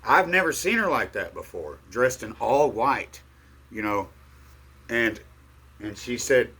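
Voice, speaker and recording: A middle-aged man telling a rambling personal story in a halting way, full of fillers and restarts. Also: mid-range voice, expressive, sharp tone, husky. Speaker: vlogger.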